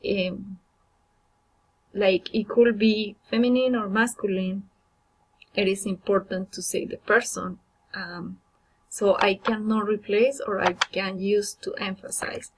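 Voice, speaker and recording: A woman's voice: mid-range voice, slightly rough, rough recording. Woman teaching grammar with many fillers. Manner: explanatory, many fillers and restarts. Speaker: Spanish teacher. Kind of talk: recorded grammar lesson.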